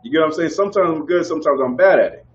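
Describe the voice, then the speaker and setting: A man teaching a group in casual preaching style, animated and conversational, often asking whether listeners follow. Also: on the high side, racing, lo-fi sound. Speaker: street teacher.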